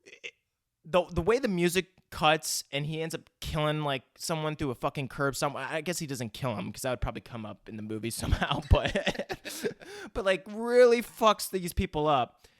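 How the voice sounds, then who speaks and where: A young man co-hosting a podcast, talking in loose, profane rambles full of filler words. His voice sits a little high, and the recording is close and dry. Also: lively intonation, normal speed, dry recording. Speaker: podcast co-host. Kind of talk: casual chat.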